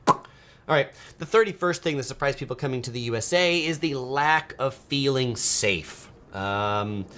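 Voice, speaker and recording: A man's voice: medium pitch, fairly bright tone, slight background noise. A man hosting a casual live stream, reading viewer comments aloud and chatting, often slipping into playful mock voices. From United States.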